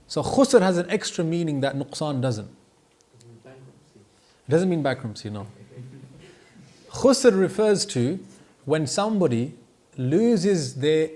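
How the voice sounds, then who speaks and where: A man's voice: on the high side, mellow. Emphatic man teaching a class. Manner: emphatic, stretches key words to stress them. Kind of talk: classroom lesson.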